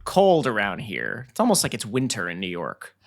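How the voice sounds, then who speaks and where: A man's voice: lowish voice, wildly swooping pitch, normal speed, vocal fry. A man in his thirties hosting a podcast, casual and self-mocking with frequent jokes. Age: 30s. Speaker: podcast host. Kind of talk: casual chat.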